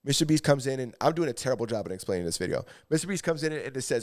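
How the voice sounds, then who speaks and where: Male podcast co-host, mid-pitched, casual rambling storyteller who swears. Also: lively intonation, racing. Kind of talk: casual chat.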